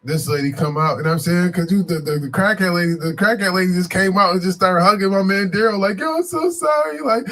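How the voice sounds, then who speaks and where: A man from Buffalo, New York, telling a story in a casual, animated, digressive way, full of fillers and asides. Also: high-pitched, quick pace, hardly any pauses. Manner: animated, digressive, frequent "you know what I'm saying" fillers.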